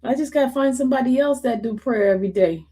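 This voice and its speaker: A woman's voice: high voice, fast, mellow, slightly rough. A woman host chatting casually with her livestream viewers, in a drawling, slangy way, often breaking into helpless laughter and calling on the Lord. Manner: laughing helplessly between words. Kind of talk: casual chat with live viewers.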